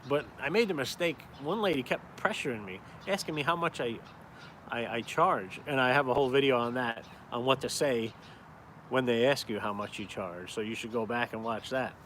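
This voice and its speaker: A man's voice: mid-range voice, moderate pace, a bit bright. Guy from upstate new york rambling on a live stream outside, swears a bit, faint traffic behind. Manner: rambling, chatty, swears casually. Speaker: caricature artist and vlogger. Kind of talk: casual live-stream chat. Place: outdoors in town, cold.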